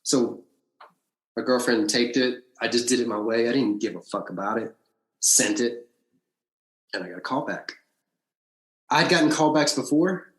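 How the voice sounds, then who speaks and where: A man, an actor and podcast guest, telling his story in a casual interview, with blunt, animated retelling and free swearing. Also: mid-range voice, normal speed, pauses often. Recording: roomy echo.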